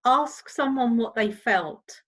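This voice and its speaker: A woman, a counsellor, presenting a recorded teaching seminar on listening in a clear, steady way. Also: a little high, takes it slowly, poor audio.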